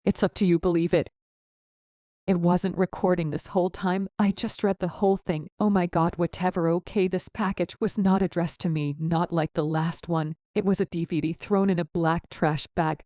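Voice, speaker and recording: Low, mellow woman telling horror stories. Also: steady tone, normal speed, few pauses, no room sound, studio quality. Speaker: narrator. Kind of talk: horror story narration.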